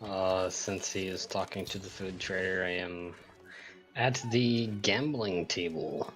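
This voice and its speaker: Slow, laid-back male player. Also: low voice, a bit bright, faint music behind. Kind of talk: playing a tabletop game.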